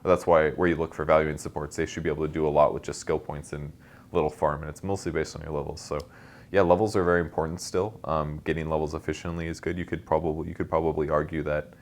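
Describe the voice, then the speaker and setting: Very deep fast-talking esports analyst man. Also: flat delivery, a little hiss or hum. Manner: fast, knowledgeable, explaining tactics with many fillers. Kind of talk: casual game analysis chat.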